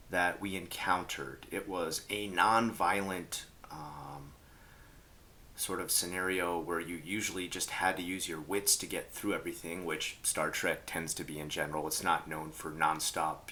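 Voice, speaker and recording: Low-voiced man telling tabletop gaming stories. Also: a little hiss or hum. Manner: rambling, filler-heavy, animated quoting. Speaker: role-playing game commentator. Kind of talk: casual storytelling to camera.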